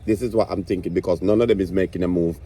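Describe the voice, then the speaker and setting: Low mellow-voiced man ranting stand-up. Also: steady tone, quick pace. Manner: swearing, exasperated rants. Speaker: comedian. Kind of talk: stand-up storytelling.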